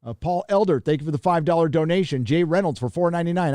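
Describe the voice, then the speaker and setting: A man's voice: on the high side, brisk, warm tone, no echo, clean studio sound. A man hosting a live stream, chatting casually and reading out viewer donations in a rambling, profane way. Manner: rambling, profane, reads chat donations aloud.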